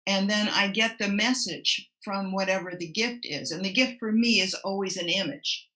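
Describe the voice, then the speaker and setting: Woman student asking her teacher stuff, bright voice, kinda halting. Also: medium pitch, rough recording. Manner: thoughtful, restarts while working out her question. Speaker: student in a mediumship class. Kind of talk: asking a question in a Q&A.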